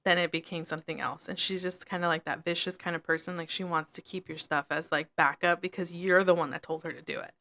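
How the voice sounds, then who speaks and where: A young woman co-hosting a casual chat, telling a work story in a lively way and swearing often. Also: on the low side, fast talker, few pauses. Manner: animated storytelling with frequent swearing. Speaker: podcast co-host.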